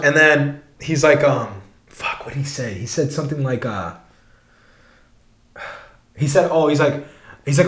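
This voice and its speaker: A man's voice: medium pitch, animated, a little slow, pauses often, a bit bright, echoey room. A young man telling a long personal story in a casual, rambling way, swearing often and restarting his sentences.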